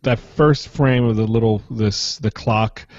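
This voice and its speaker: A man's voice: on the low side, fairly even intonation, a little slow, no room sound. A man with a Philadelphia accent co-hosting a TV review podcast, reflective and stammering through restarts. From United States. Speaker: podcast co-host. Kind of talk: casual chat. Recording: dull lo-fi sound.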